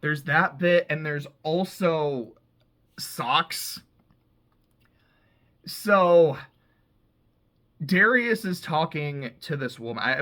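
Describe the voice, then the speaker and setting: A man talking through a TV season in a relaxed, unscripted recap. His voice is bright and forward, mid-pitched. He rambles loosely, swears without a second thought and fills his sentences with "like.". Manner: loose and profane, heavy use of "like". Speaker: TV show reviewer. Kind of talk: casual episode recap.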